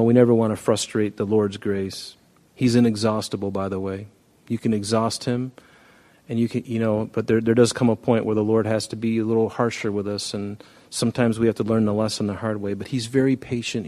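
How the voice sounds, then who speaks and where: A man's voice: on the low side, flat delivery, a little fast, dark tone. A male pastor preaching a conversational sermon, now and then acting out quoted dialogue.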